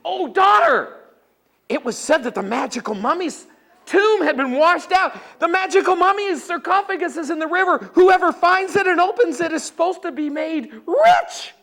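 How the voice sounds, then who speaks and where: A woman's voice: very high-pitched, animated, moderate pace, a bit bright, voice pushed up, exaggerated voice. Jolly storybook fisherman dad, done by a woman: eager, exclamatory. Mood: excited. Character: fisherman father, excitable and jolly.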